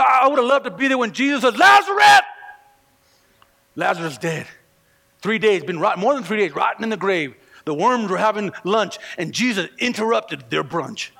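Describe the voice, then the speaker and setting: A male pastor preaching a sermon with fervor, dropping to hushed lines and rising to shouted peaks, often stumbling and restarting his words. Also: sits high, vocal fry.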